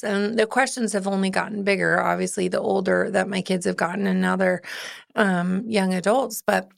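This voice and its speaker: A woman's voice: mid-range voice, steady tone, normal speed, vocal fry. A woman in her forties hosting a podcast, talking in a casual, earnest and encouraging way. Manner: earnest and encouraging, with fillers and restarts. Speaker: podcast host. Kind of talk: casual heartfelt podcast talk.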